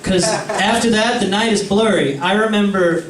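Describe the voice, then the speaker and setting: Cursing casually, a high-voiced young man rambles through a story for his friends indoors at a moderate pace, with slight background noise. The audio sounds roomy and distant, with faint ambience.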